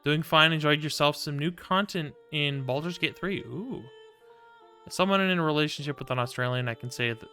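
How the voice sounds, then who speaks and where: A man's voice: medium pitch, pushed and bright, clean tone. A man streaming a video game, rambling casually, swearing freely and cooing to his cat between remarks. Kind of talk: casual gameplay commentary.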